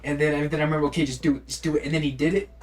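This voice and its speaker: A young man co-hosting a casual podcast. He drops in short agreeing replies and tells stories in an animated way. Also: a little high, rapid-fire, a little hiss or hum. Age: young adult. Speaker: podcast co-host. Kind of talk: casual chat.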